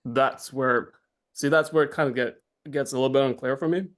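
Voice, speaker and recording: A man's voice: mid-range voice, fairly even intonation, brisk. A man in an online group dialogue, carefully restating what he understood, thorough and searching for words. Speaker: group participant.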